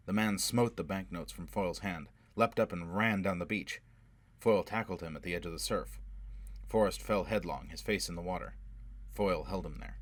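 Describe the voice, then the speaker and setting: Deep, steady male narrator for a novel reading, dry booth sound. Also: a little fast, no room sound. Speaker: audiobook narrator. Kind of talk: scripted narration.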